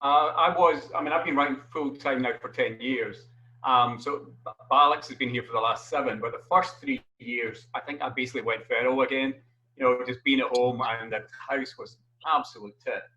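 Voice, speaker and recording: A man, a full-time writer, chatting on an online panel in a hesitant, halting, wry way. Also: medium pitch, fairly even intonation, bright, forceful tone, lo-fi sound. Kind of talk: casual online panel chat. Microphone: video call.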